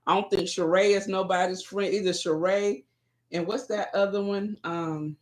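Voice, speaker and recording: A woman's voice: mid-range voice, fairly even intonation, moderate pace. Woman, vlogger, casual rambling chat, talks straight to her viewers. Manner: chatty, rambling, addresses viewers directly. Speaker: vlogger hosting her own channel.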